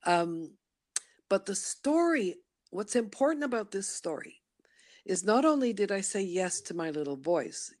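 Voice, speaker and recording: A woman's voice: mid-range voice, very animated, measured pace, darkish tone. A middle-aged woman from Canada, a voice workshop leader, telling her story in an interview and acting out her inner voice in playful asides. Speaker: guest, studio founder and voice workshop leader. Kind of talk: conversational interview.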